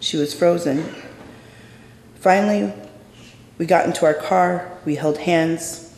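A gravelly, fry-laden voice tells a true story live from a stage, intense and measured, dropping to a hush at the quietest beats. The sound carries the long reverb of a large hall and rings around the room. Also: medium pitch, a little hiss or hum. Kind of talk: live spoken-word story performance.

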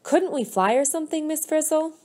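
A woman's voice: sits high, expressive, brisk, darkish tone, pitched above the performer's own voice. A woman reading a grumbling young schoolboy. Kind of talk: storybook read-aloud.

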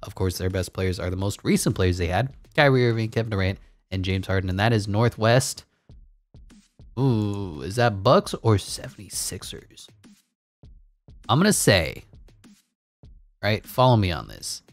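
A man calling a simulated basketball video game play-by-play, excitable and jokey, rising to big shouts on key moments. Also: on the low side, measured pace, long pauses, soft background music. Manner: jokey asides and laughs between calls. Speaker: gaming channel host.

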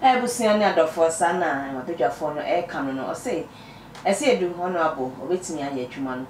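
A woman with a Ghanaian accent acting as interviewer, asking questions and summing up answers in Twi and English with brisk prompts. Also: low voice, expressive, darkish tone. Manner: brisk prompts and short acknowledgements. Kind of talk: casual street interview. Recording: echoey, distant mic, faint noise.

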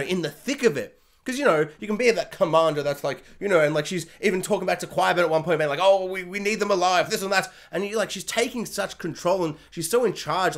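A man with a high speaking voice talks through a show review in a loose, rambling way. He jokes, trails off and doubles back on himself mid-thought. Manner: rambling, jokey, self-correcting, puts on silly voices for characters. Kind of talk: casual spoken review.

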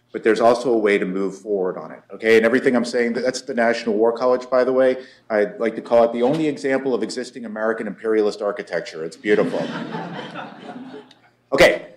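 A man in his forties giving a conference lecture, wry and story-driven, often checking in with "right?". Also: medium pitch. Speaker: conference speaker, war college lecturer. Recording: echoey lecture room.

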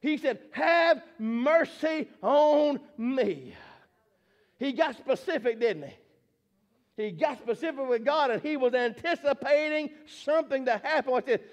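A man preaching a fervent sermon, repeating phrases and rising to shouts. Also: very high voice, lively intonation, unhurried.

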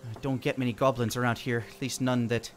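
A man's voice: medium pitch, level tone, a little fast, faint music behind, close to an everyday voice. A man voicing a folksy male woodland guide in a tabletop game.

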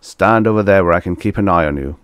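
A man's voice: low-pitched, normal speed, no echo, clean studio sound. A man voicing a boastful, warlike alien male ruler who hoots and blusters in a storybook reading. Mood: blustering. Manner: hooting, blustering, bellowing.

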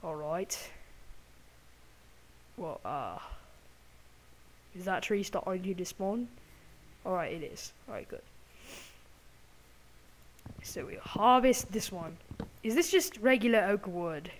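A woman's voice: mid-range voice, lively intonation, slow, long pauses, a little hiss or hum. Woman in a put-on British accent. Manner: exaggerated imitation of a British accent; chatty, apologetic asides to viewers. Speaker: gaming channel host. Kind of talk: gameplay commentary.

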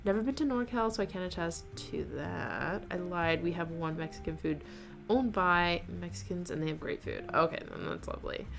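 A woman's voice: on the low side, normal speed, creaky, over music. A woman hosting a casual knitting livestream, chatting and reading viewer comments aloud with frequent laughter. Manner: chatty, laughs often, reads chat aloud.

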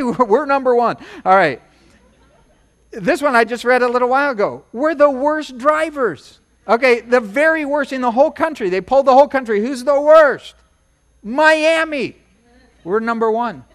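A man preaching a sermon as pastor, animated and joking, acting out quoted voices. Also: extremely high pitch. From United States.

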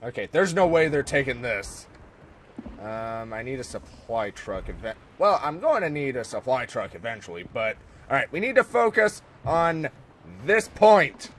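An American man giving casual joking commentary over a war strategy game, talking to his soldiers and sometimes yelling at them. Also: mid-range voice, big pitch swings, moderate pace, slight background noise. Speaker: gameplay commentator. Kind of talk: casual let's-play commentary.

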